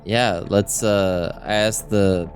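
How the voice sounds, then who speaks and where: A man's voice: fairly low pitch, steady tone, slow pace, soft background music. A man playing a tabletop role-playing game, talking casually and swearing as he jokes along. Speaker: player.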